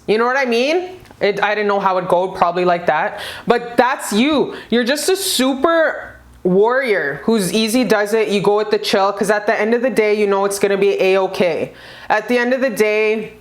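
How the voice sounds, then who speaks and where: A woman giving a casual pick-a-card tarot reading, gushing and profane, with bursts of high excitement. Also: moderate pace.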